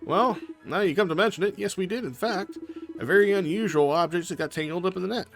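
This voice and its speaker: A man's voice: sits high, fast talker, gravelly, voice pushed up. A man voicing a proud, cheerful middle-aged fisherman father in a video game, reading the dialogue in a folksy, boastful way. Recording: faint music behind.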